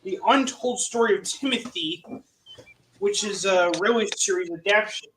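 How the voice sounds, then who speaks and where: A man's voice: sits high, moderate pace, bright, forceful tone, faint music behind, low-quality recording. A man chatting casually on a stream, often breaking off and restarting his sentences. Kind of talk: casual chat.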